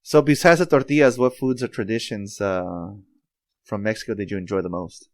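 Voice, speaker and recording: A man hosting a podcast interview, asking relaxed questions with plenty of "um"s. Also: lowish voice, fairly quick, no room sound. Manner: relaxed, hesitant questions with many "um"s. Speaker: podcast host. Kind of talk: casual interview.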